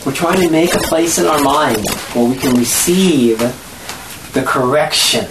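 A spiritual study group teacher giving a lesson to a group, animated, laughing often and acting out voices. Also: medium pitch, measured pace, echoey room, noisy background.

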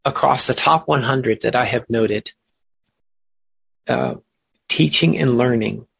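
Gravelly-voiced male study teacher, earnest, stretches key words, husky tone. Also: medium pitch, slow, a bit bright.

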